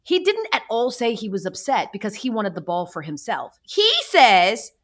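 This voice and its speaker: Chatty woman co-host, lively pitch. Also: moderate pace. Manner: chatty, exasperated, candid. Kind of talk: casual sports talk.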